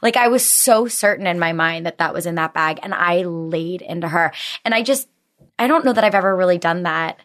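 A woman in her thirties, a podcast guest telling a story in casual chat and acting out what everyone said. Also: brisk. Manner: animated storyteller, acts out quotes with big pitch jumps.

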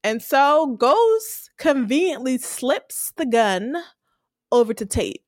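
Female podcast co-host, excitable recapper, high and very expressive, dry booth sound. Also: takes it slowly, dry recording. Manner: animated storyteller, laughs often. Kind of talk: casual TV episode recap.

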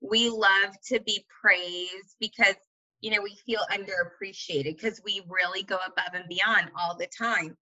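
A young woman talking as a podcast guest in casual chat, candid and dramatic, quick to poke fun at herself. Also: medium pitch, steady tone, sharp tone, rough recording. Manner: candid, dramatic and self-mocking.

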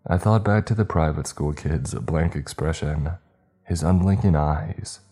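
Brief: man, extremely low, dark voice, steady story narration, faint music behind. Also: unhurried, husky. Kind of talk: first-person story narration.

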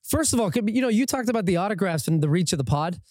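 A male guest on a podcast with a slightly high voice. He tells stories in a jokey, upbeat way. The studio sound is dry and close. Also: expressive, fast, a little mellow, no room sound.

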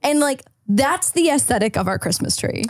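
A woman's voice: high-pitched, expressive, moderate pace, no room sound, studio quality. A woman in her thirties co-hosting a podcast, chatting casually with lots of likes and fillers. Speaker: podcast co-host. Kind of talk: casual chat.

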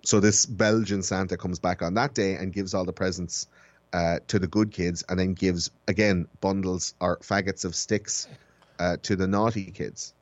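A man with a low voice talks through a long explanation in casual podcast chat, often restarting his sentences. The sound is dry and close but a bit dull and muffled. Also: steady tone, normal speed, no room sound. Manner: rambling storyteller, restarts phrases while explaining history.

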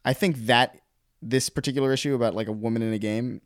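Man, podcast co-host, casual chat, mid pitch, hesitant restarts, dry close sound. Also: fairly even intonation, quick pace, no echo. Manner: conversational, hesitant, many restarts.

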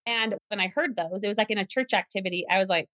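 A woman's voice: medium pitch, fast talker, fairly bright tone, no room sound. A woman guest telling a personal story in an interview, earnest and tense, often restarting her sentences. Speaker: guest, self-defense teacher. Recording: slightly dull, muffled recording.

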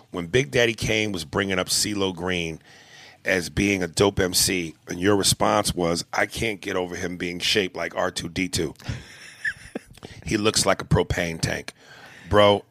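A man's voice: low voice, gravelly, sharp tone, no room sound. A man co-hosting a comedy podcast, reading a listener's email aloud and joking crudely between lines. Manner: crude, joking, slips into voices. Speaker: podcast co-host.

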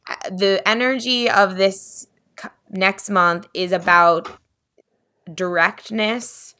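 Woman, podcast host, casual chat, hesitant, bright forceful tone. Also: medium pitch, fairly even intonation, takes it slowly. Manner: chatty, hesitant, with frequent laughs.

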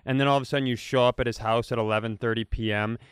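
A man's voice: medium pitch, fairly even intonation, very fast, clear, resonant tone, no echo, studio quality. A man co-hosting a podcast, riffing in casual, vulgar chat. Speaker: podcast co-host.

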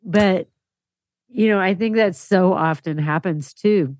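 A woman's voice: lowish voice, slow pace, a little mellow, dry recording. A woman co-host chatting engagedly about a story she heard. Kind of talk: casual discussion.

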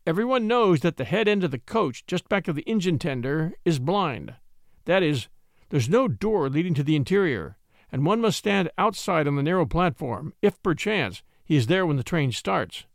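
Expressive man narrating an old story. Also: a little high, normal speed, gravelly, dry recording, studio quality. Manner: expressive, dramatic reading. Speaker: audiobook reader.

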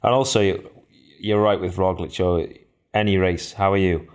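A man's voice: deep voice, moderate pace, darkish tone. A man co-hosting a podcast, trading jokey, teasing banter. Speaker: podcast co-host. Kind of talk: casual chat.

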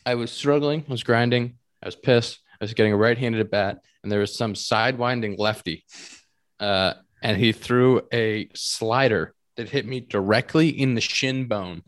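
A man co-hosting a podcast, chatting casually and telling animated stories, repeating words for emphasis. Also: mid-range voice. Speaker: podcast co-host, pro baseball player. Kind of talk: casual chat.

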